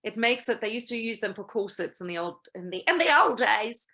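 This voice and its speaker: A woman's voice: on the high side, a little fast. A woman, a guest actress, telling playful stories with frequent laughter in a casual interview over a video call. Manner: lively, laughing, playful storyteller.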